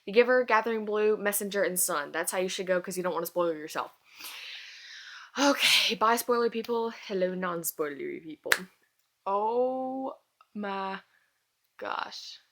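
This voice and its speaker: A young woman reviewing a book series in a casual vlog, gushing and exclaiming with fangirl excitement. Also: medium pitch, measured pace. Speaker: book vlogger.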